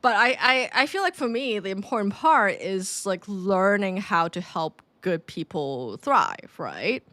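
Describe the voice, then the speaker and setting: Lively woman chatting casually. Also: mid-range voice, unhurried, no room sound. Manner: animated, laughs often, many fillers. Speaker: podcast co-host. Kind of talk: casual chat.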